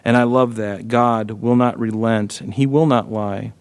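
A man's voice: medium pitch, fairly even intonation, a little slow, clear, resonant tone. A man teaching through a Bible passage in a casual, earnest way, often checking in with listeners. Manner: earnest, frequent "right?" asides and restarts.

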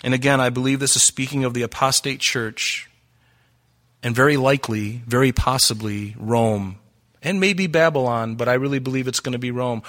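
A man's voice: medium pitch, pushed and bright. A man preaching a sermon as pastor, earnest and urgent, asking the congregation many questions.

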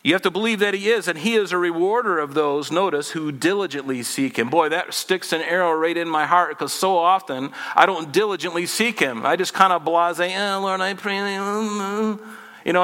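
A man's voice: high voice, normal speed, pushed and bright, long reverb tail. A man in his forties preaching a sermon in a conversational, humorous way, acting out little dialogues. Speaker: pastor.

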